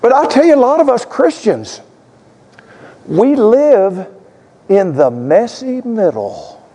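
High-voiced pastor in a reverberant sanctuary. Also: male voice, very animated, slow, breathy edge. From Tennessee, US. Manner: folksy asides that build to fervent, shouted prayer. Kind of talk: sermon. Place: church sanctuary with stage lights. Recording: long reverb of a large sanctuary.

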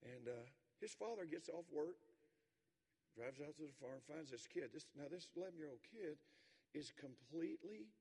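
A man's voice: fairly high pitch, expressive, normal speed, darkish tone, slightly rough, in a large hall. A man preaching a sermon, telling a folksy story in a church. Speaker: pastor.

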